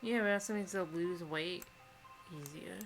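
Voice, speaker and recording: Gravelly low-voiced woman bantering. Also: normal speed, soft background music. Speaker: co-host. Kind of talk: casual chat while gaming.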